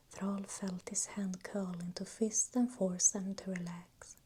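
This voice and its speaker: A woman reading a fantasy novel aloud close to a new microphone, in a soft, unhurried whispered role-play. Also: lowish voice, flat delivery, slight background noise. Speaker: ASMR reader.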